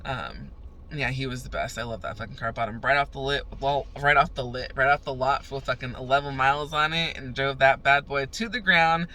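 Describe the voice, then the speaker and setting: A woman's voice: rumbling low, a little fast, bright, forceful tone, a little hiss or hum. A young woman vlogging in a profane, fired-up rant as she tells a story. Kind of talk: ranting casual vlog.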